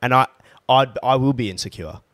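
A man's voice: mid-range voice, normal speed, a bit bright, no echo. A young man, co-hosting a casual podcast chat, blunt and emphatic, swearing freely. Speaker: podcast co-host.

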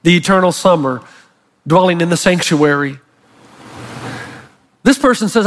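A man preaching a sermon as pastor, animated and emphatic as he tells stories. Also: sits high, moderate pace. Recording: long hall reverb.

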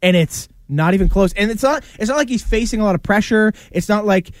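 A man co-hosting a casual sports podcast, animated and argumentative, often laughing as he debates. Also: sits high, brisk, no echo, studio quality. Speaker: podcast co-host.

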